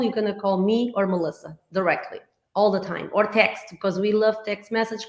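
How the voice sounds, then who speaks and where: A woman working as a real estate agent, from New Jersey, talking casually and often restarting her sentences. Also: medium pitch. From New Jersey, USA. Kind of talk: casual conversation on a show. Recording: echoey room.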